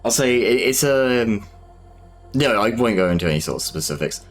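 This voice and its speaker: A man's voice: medium pitch, expressive, normal speed, soft background music. A man chatting casually on a live stream while painting, hesitant and rambling with many fillers and restarts.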